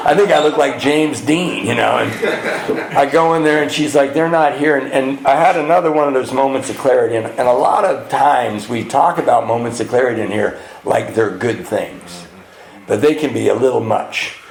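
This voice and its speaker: A middle-aged man from California stands before a retreat audience, telling his own story of hitting bottom with self-mocking humor. His voice is gravelly and sits at an ordinary pitch, and he keeps jumping up high for the comic bits. The hall adds a clear echo around every word. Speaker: retreat speaker sharing recovery story. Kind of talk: storytelling talk to a live audience. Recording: echoey room.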